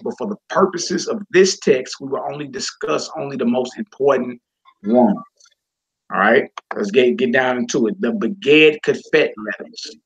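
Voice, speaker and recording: Man teaching hebrew out of a book, husky kinda raspy voice, casual talk to the class, muffled lo-fi sound. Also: medium pitch, fairly bright tone. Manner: casual, folksy asides to listeners. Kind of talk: reading and explaining a textbook to a class.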